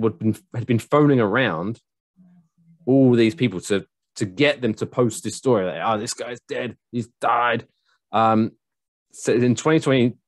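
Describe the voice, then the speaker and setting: In a dry, studio-quality recording, a podcast co-host in his thirties reads out a news item and tosses in joking asides, keeping the news chat casual and chatty. His voice sits on the lower side.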